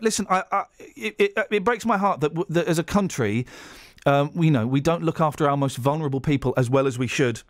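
A man's voice: fairly high pitch, fairly quick, no echo. A man hosting a morning radio show from a studio, chatting casually and teasing, often stumbling over his words. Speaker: radio host.

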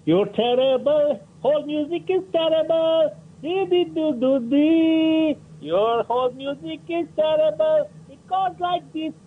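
A male radio caller mocking the show in a high put-on voice and humming a tuneless jingle. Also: a little slow. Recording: tinny phone line.

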